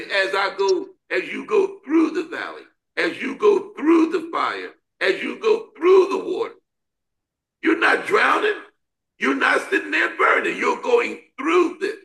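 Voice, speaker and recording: A man's voice: high-pitched, vocal fry, pushed and bright. A man leading a Bible study discussion, preaching with an emphatic, repetitive call-and-response cadence. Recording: roomy echo.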